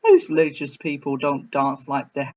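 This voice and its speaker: A man's voice: medium pitch, wildly swooping pitch, moderate pace, a little mellow. A man reviewing a film in a casual reaction video, rambling and hesitant with many restarts. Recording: slightly muffled.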